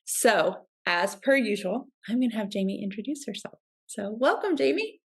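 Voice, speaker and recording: A woman's voice: mid-range voice, lively intonation, moderate pace, slightly rough. A woman hosting an interview show, upbeat and welcoming as she asks her guest questions over a video call. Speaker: podcast host. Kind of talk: casual interview chat.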